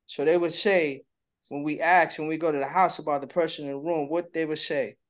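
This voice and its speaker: A podcast co-host telling stories in casual chat, dropping the voice low at times and laughing. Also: steady tone, a little fast. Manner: storytelling, drops voice low, laughs.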